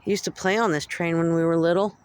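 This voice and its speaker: A woman from Central California vlogging on a handheld phone outdoors at a train station after dark, musing aloud as she describes what she sees. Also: on the low side, steady tone, fairly quick, smooth. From Central California, United States. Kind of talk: casual walking vlog, narrating what she sees.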